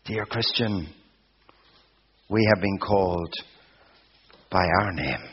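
Male preacher, sermon, slow emphatic delivery, husky voice, muffled lo-fi recording. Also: sits low. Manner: slow, emphatic preaching with swelling repeated phrases. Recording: dull lo-fi sound.

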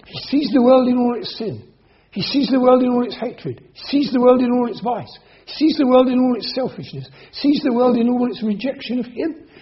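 A man preaching a sermon in an emphatic way, slowing down and repeating key phrases. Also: very high-pitched, slightly rough. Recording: dull lo-fi sermon recording.

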